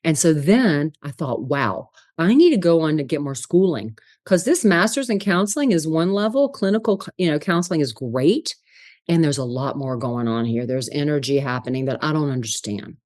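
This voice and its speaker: A middle-aged woman, a spiritual psychologist, telling her story in an interview with animated, laughing delivery. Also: deep voice, moderate pace, no echo, clean studio sound.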